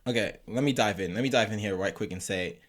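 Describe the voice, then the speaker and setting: Fast-talking man insisting on his turn. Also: on the low side. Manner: insistent, keeps cutting in to claim the floor. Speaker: podcast co-host. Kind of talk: casual debate over drinks.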